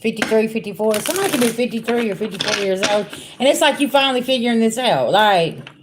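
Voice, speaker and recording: A woman's voice: on the high side, expressive, quick pace, noisy background. A woman giving a casual livestream spiritual reading, talking bluntly and profanely straight to her viewers. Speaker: spiritual reader.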